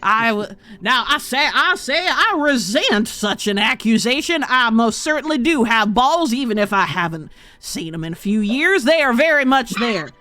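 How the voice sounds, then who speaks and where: A woman's voice: a little high, expressive, moderate pace, few pauses, bright, forceful tone, no echo, faint music behind, pitched above the performer's own voice. A woman voicing a pompous, blustering heavyset townmaster who drawls and fusses over his dignity. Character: pompous, balding, heavyset middle-aged townmaster.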